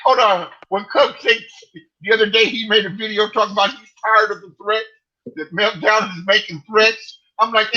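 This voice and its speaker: A man's voice: high voice, steady tone, normal speed, pushed and bright. A middle-aged man in casual online chat, teasing and exclaiming, often repeating himself. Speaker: livestream commentator. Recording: slightly dull lo-fi stream audio.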